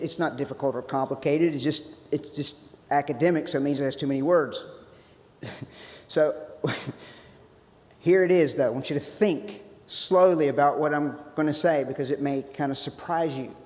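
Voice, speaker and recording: A man giving a conversational sermon-style talk as a guest speaker, restarting phrases and adding joking asides. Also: a little high. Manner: conversational, self-interrupting, jokey asides. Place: church sanctuary. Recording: long hall reverb.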